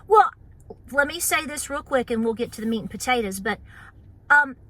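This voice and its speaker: A woman's voice: high voice, animated, normal speed, pushed and bright. A woman with an Appalachian accent, hosting her homestead channel and chatting casually to camera, full of fillers and playful mock voices.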